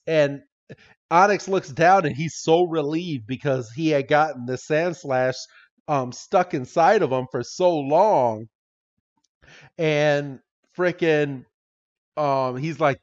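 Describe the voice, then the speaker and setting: A man casually recapping a cartoon episode as a podcast co-host, excitable, laughing and swearing freely. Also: on the high side, muffled recording.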